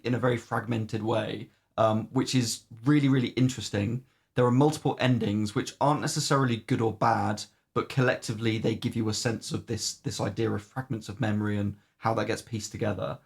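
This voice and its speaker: A man's voice: on the low side, steady tone, a little fast, gravelly. A man co-hosting a podcast, casually reviewing games with lots of ums and the odd swear. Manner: rambling, many "um"s, swears casually. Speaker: podcast co-host. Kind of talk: casual game review chat.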